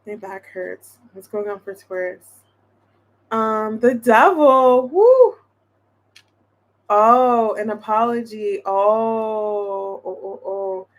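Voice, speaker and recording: A woman's voice: mid-range voice, level tone, slow. A woman giving a casual tarot reading to her viewers, thinking aloud in a chatty way with lots of restarts. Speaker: tarot reader.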